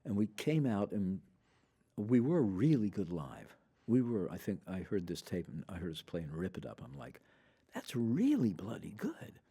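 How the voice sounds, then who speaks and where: Very deep-voiced man telling stories. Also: normal speed, husky. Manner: animated, acts out quoted dialogue. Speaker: guest musician. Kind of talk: conversational storytelling.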